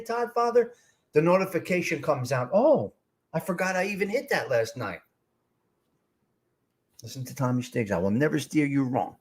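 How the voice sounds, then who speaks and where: A middle-aged man hosts a live stream in a blunt, streetwise way. His voice sits a little high for a man. He talks straight to his chat as if they were at the table with him. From North Jersey. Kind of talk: casual live chat reading comments.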